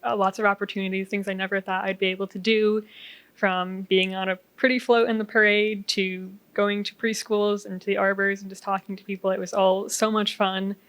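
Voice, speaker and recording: Flat-voiced young woman giving thanks. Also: mid-range voice, a little fast. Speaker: outgoing court member giving a farewell speech. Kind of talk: thank-you speech.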